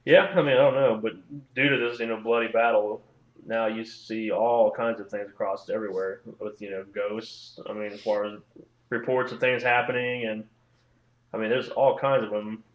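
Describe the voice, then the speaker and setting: A man's voice: fairly low pitch, little pitch movement, normal speed. A man hosting a casual podcast, rambling with lots of "you know" and "I mean". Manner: rambling, laughs often, many "you know"s. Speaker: podcast host. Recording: echoey room, slightly dull sound.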